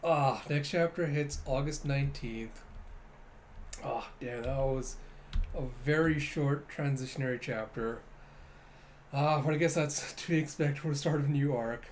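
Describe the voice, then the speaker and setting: A man casually reading through a comic chapter and giving animated commentary, with quick asides. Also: mid-range voice, slight background noise. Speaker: comic reader and reviewer.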